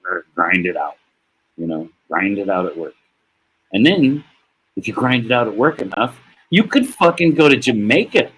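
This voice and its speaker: A man's voice: sits low, slight background noise, poor audio. An American man streaming to his viewers in a casual, rambling monologue that is heartfelt and profane, with laughs. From United States.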